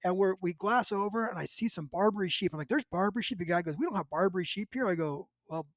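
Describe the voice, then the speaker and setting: A man with a high, light voice tells a story in casual podcast chat. He acts out what people said and often laughs as he goes. The sound is dry and close, with no room in it. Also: quick pace, dry recording. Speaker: podcast host.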